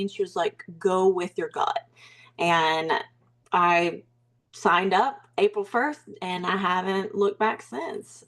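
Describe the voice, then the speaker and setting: A young woman from Alabama with a Southern accent, speaking as an interview guest in a hesitant, reflective way with many fillers and restarts. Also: mid-range voice. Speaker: mindset coach, guest. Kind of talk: casual interview talk.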